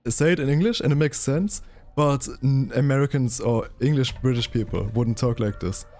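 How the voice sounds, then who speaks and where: A man's voice: medium pitch, moderate pace, darkish tone. A man streaming a game, rambling casually to his viewers with frequent restarts and self-corrections. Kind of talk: casual gaming commentary.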